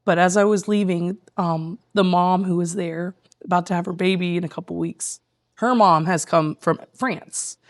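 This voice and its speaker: A woman's voice: on the low side, steady tone, normal speed. A woman guest telling a heartfelt personal story in casual conversation, earnest and rambling with lots of fillers. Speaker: guest, tea room owner.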